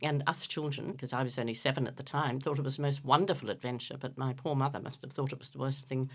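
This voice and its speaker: A woman's voice: a bass voice, steady tone, fast talker. An Irish-born woman in her seventies, a radio host being interviewed, chatting in a self-deprecating way with plenty of fillers in a radio studio. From Ireland. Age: 70s. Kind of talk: casual radio chat.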